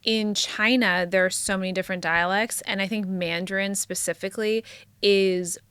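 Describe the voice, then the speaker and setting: A woman's voice: medium pitch, fairly even intonation, normal speed, fairly bright tone, smooth, dry recording. A woman co-hosting a podcast in casual chat, speaking candidly and explaining things at length. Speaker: podcast co-host.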